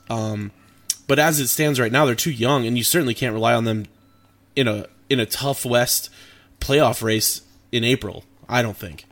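A man on a sports panel breaking down a team in a quick, analytical way. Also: mid-range voice, fairly bright tone. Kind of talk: sports debate talk.

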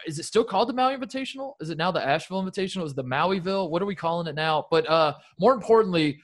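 A man's voice: sits high, animated, racing. A man co-hosting a podcast in casual chat, upbeat and laughing often as he talks. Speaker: podcast co-host.

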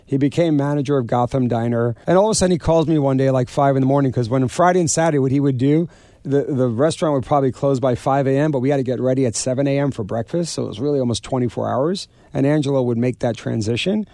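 A man, an author and restaurateur telling stories in an interview, animated and stumbling over repeated words. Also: medium pitch, fast, no echo, clean studio sound. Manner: animated storyteller, acts out quoted people, repeats words. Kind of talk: storytelling interview.

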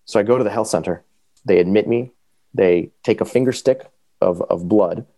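A man's voice: on the low side, dry recording. A man telling his own story as a podcast guest, casually and animatedly, with lots of fillers. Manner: animated, quick, full of fillers.

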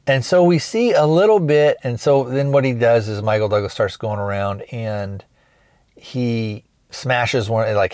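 A man with a fairly low voice talks through a film review on his podcast. He rambles casually, retelling each scene and dropping into quick quoted lines. The sound is dry and close, with no room around it. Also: darkish tone, no room sound. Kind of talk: casual spoken film recap.

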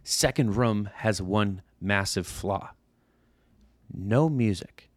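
A man's voice: on the low side, takes it slowly, no echo. A man in his thirties, a podcast co-host, telling a casual story and acting out the people in it. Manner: animated storyteller, acts out overheard voices.

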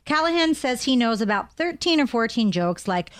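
A woman's voice: fairly high pitch, big pitch swings, moderate pace, clean tone, dry recording. A woman co-hosting a radio show in a studio, playful and teasing. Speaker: radio co-host.

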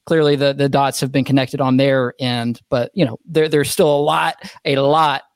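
Young man, quick matter-of-fact co-host. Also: medium pitch, steady tone, clear, resonant tone, dry recording, studio quality. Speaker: podcast co-host. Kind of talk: casual podcast conversation.

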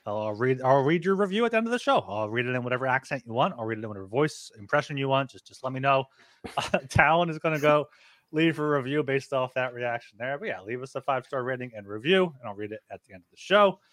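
Lively joking podcast host. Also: male voice, medium pitch, quick pace, no room sound, clean studio sound. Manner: chatty, joking, lively promo delivery. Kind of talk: casual podcast chat and ad reads.

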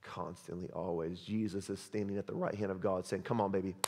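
A man preaching a sermon as pastor, impassioned, swinging between loud urgent passages and hushed quiet ones. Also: low voice, steady tone, brisk, big-room sound, slight background noise.

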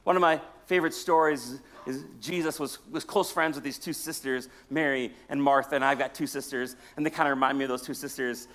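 A man, a pastor, preaching a sermon as a storyteller who jokes with the congregation and swings between loud and hushed delivery. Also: medium pitch, steady tone, brisk, hardly any pauses.

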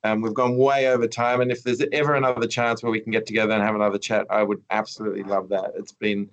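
A man hosting a podcast interview, talking in a rambling, halting way with many restarts. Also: on the low side, level tone, poor audio. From Australia. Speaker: podcast host. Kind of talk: casual interview chat.

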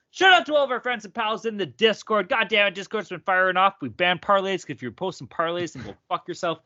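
Male sports podcast host, amped and cussing, high lively voice, dry slightly dull recording. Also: no echo. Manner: loud, profane, hyped-up. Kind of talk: rowdy sports betting podcast banter.

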